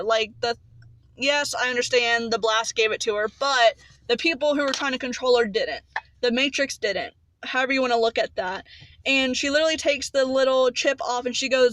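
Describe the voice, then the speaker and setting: A woman's voice: sits high, fairly quick, fairly bright tone, no room sound. A woman giving a casual, passionate motivational talk as a spiritual vlogger, rambling and repeating phrases for emphasis.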